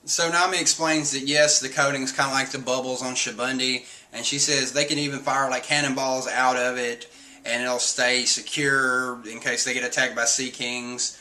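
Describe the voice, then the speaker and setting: A man's voice: medium pitch, level tone, normal speed, pushed and bright, a little hiss or hum. A man casually recapping a manga chapter in a rambling way, full of fillers, often reading out character lines.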